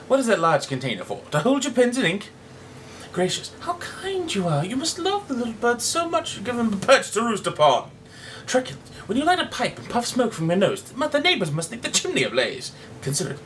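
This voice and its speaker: A man's voice: fairly high pitch, fairly bright tone, distant mic, slight background noise. A man reading aloud as a proud, mocking swordsman-poet, delivering a theatrical monologue in an amateur dramatic reading.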